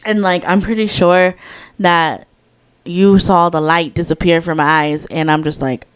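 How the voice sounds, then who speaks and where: A woman's voice: on the low side, steady tone, a little slow, smooth. A young woman co-hosting a casual podcast, telling stories reflectively with lots of "like" fillers. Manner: reflective storyteller, frequent "like" fillers. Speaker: podcast co-host.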